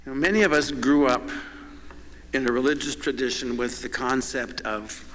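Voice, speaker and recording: A man's voice: medium pitch, fairly even intonation, normal speed, a bit bright. Older man, reflective eulogy, long church reverb, faint room noise. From Yakima Valley, Washington. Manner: thoughtful, musing, questioning. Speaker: son of the deceased, eulogist. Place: church sanctuary.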